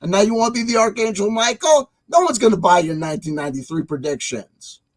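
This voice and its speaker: A man's voice: sits high, expressive, quick pace. A man hosting a commentary video, ranting and swearing in a mocking, angry way. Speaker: commentary channel host.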